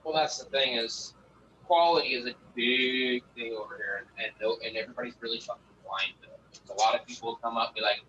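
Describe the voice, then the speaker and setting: A man's voice: medium pitch, steady tone, fairly quick, bright, forceful tone. A man talking casually and profanely about growing, rambling through numbers and stories. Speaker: guest grower. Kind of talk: casual livestream chat. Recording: distant lo-fi mic with faint noise.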